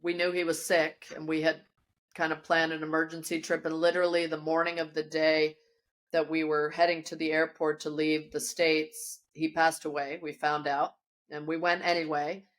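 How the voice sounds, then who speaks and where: A woman yoga teacher, a podcast guest, telling a personal story in a lively, animated way with frequent restarts, recorded in her studio. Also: deep voice, moderate pace. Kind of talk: casual storytelling interview.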